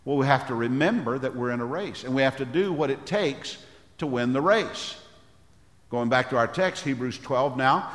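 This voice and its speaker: An older man preaching a sermon as pastor, with a big, loud voice, often clearing his throat. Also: mid-range voice, normal speed, echoey room, in a large hall.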